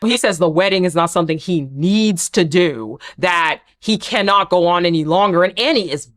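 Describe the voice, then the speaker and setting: A woman's voice: on the low side, normal speed. Sassy, chatty woman recapping. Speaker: recap vlogger. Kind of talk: casual recap commentary.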